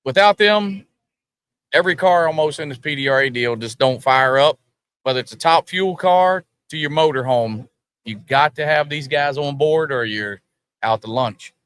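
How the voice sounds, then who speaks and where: A man's voice: fairly high pitch, moderate pace, fairly bright tone, smooth. A man co-hosting a podcast, rowdy and full of country slang and swearing. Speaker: podcast co-host. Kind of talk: casual banter.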